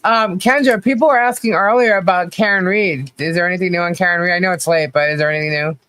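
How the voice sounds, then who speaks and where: A woman's voice: lowish voice, steady tone, fast, a bit bright, no echo. A woman co-hosting a live stream in casual chat, laughing often as she talks. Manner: giggly, laughs often while talking.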